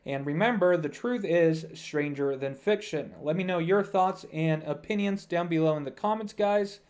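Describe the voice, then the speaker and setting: Higher-voiced male YouTube commentator. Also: normal speed, a little mellow. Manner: casual, many "uh" fillers, calls viewers "guys". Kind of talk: casual commentary over a map.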